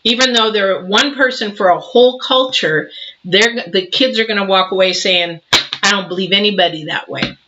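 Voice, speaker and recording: A woman's voice: mid-range voice, normal speed, bright, forceful tone, lo-fi sound, a little hiss or hum. A woman in her sixties giving a casual tarot reading, emphatic and preachy, acting out little scenes as she talks. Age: 60s. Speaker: tarot reader.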